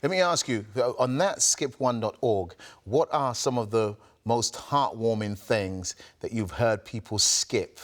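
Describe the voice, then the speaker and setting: A man hosting an interview who asks his questions haltingly, repeating words as he starts. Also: medium pitch. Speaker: interview host.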